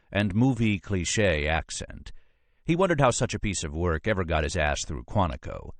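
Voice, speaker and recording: A man narrating an audiobook in a measured storytelling manner. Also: sits low, dry recording. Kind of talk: scripted narration.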